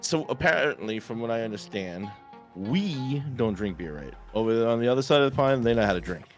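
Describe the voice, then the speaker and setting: A man's voice: medium pitch, animated, fairly quick, faint music behind. A married man, a podcast guest chatting bluntly and jokingly. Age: adult. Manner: blunt, jokey, emphatic. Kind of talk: casual chat.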